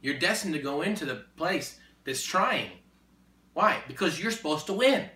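A man preaching in a conversation, emphatic and repetitive, building to forceful exhortation. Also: fairly high pitch, lively intonation, moderate pace. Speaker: Christian speaker. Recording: echoey room, distant mic.

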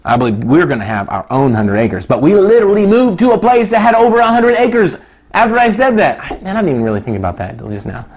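A man in his thirties preaching a sermon, animated and laughing often, jumping to high excited tones. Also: quick pace.

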